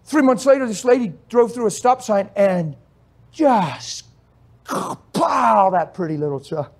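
A man preaching a sermon, telling stories with animated swings between loud exhortation and soft asides, often laughing as he goes. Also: high voice, a little slow.

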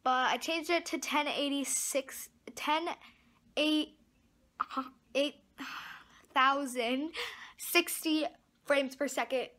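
A woman's voice: high voice, steady tone, slow pace, pauses often, sharp tone. A teenage girl vlogging to camera, frustrated and apologetic, rambling with a stuffed-up voice. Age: teens. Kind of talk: casual vlog talk to camera. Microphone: phone camera.

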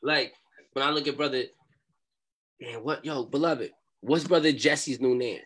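A young man telling a story as a podcast guest, in animated street talk and acting out what people said. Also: mid-range voice, a little slow, slight background noise. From New York.

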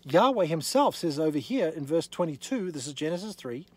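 A man's voice: a little high, sing-song, brisk, darkish tone, husky. A man teaching the Bible in an evening session, reading scripture aloud and stressing his points with rhetorical questions.

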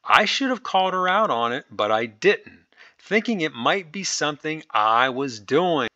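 Man, story reader, lively pitch, bright tone, chatty asides, dry lo-fi recording. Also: normal speed, no echo. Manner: animated storytelling, breaks in with asides. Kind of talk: reading a listener's story aloud with commentary.

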